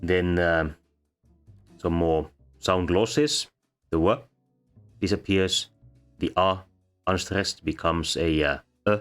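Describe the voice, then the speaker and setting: A man explaining sound changes as a lecturer, pausing often with ums and uhs. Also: sits low, fairly bright tone. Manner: halting, many ums and uhs. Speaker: linguistics lecturer. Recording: faint background music.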